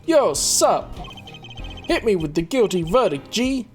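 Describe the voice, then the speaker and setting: A man's voice: high-pitched, sing-song, takes it slowly, faint music behind, exaggerated voice. A man voicing a brash young wannabe gangster who talks in swaggering street slang, while reading a game aloud. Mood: cocky.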